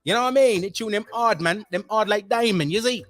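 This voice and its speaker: Fast-talking, high-voiced radio host man. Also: no room sound. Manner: lively shout-outs heavy with slang; slips into Caribbean-style patois for fun. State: a little under the weather. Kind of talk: energetic radio DJ chat. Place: at home, remote broadcast.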